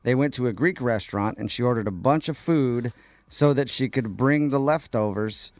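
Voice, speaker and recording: A male morning radio host recapping a story in a teasing, playful way. His voice sits at an ordinary middle pitch. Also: moderate pace, a little mellow, no room sound.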